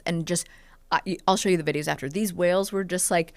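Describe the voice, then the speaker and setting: A woman's voice: on the low side, steady tone, quick pace, clean tone, no echo. A woman in her thirties, a podcast guest, chatting openly and telling personal stories with many "like"s and "um"s. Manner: open, storytelling, lots of "like" and "um". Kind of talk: casual podcast chat.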